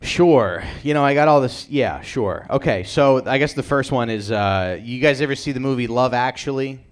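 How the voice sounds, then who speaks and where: A man's voice: mid-range voice, normal speed. A man doing live comedy banter on stage, telling jokes in a dry, laid-back way.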